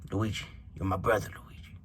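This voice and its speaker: A man voicing a cartoon plumber turned menacing male mafia boss, speaking in a low, hushed, pleading-threatening mutter. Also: little pitch movement, brisk, creaky, slight background noise. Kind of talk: comic impression in a toy review.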